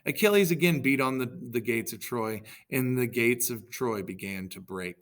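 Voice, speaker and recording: Casual male reader, bright voice. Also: mid-range voice, moderate pace. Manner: reads with self-corrections and asides. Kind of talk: casual storybook reading aloud.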